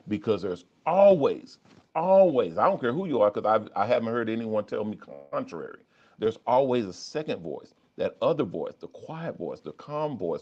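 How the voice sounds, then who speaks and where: A low-voiced man speaking as a life coach on a livestream. His talk is candid and conversational, full of repeats and restarts. The audio is dull and lo-fi. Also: a little mellow, breathy edge. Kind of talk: livestream talk reading chat.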